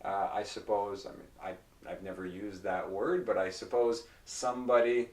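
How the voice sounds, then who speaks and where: A man teaching pronunciation. He explains patiently and repeats example phrases slowly and carefully. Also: lowish voice, steady tone. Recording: roomy echo, mic at a distance.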